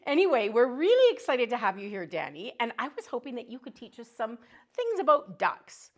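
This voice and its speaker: A woman's voice: fairly high pitch, wildly swooping pitch, a little fast. Cheerful woman teacher hosting kids. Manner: cheerful and teacherly, talking to children. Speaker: teacher and host. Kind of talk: children's educational show.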